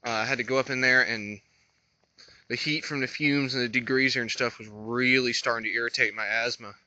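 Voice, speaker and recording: A man in his twenties from North Carolina with a slight lisp, talking to the camera while he walks outdoors, halting and hesitant, thinking aloud. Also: mid-range voice, fairly even intonation, sharp tone, dry recording, highs cut off. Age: 20s. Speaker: vlogger. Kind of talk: rambling walk-and-talk vlog. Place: outdoors on a roadside walk.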